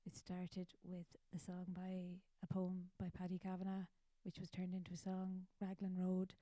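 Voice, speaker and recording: An Irish woman hosting her own show in a loose, chatty ramble, poking fun at herself as she goes. Her voice is mellow and warm, recorded dry and close. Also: on the low side, completely flat delivery, normal speed, no echo. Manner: rambling, chatty, self-mocking. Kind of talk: casual chat.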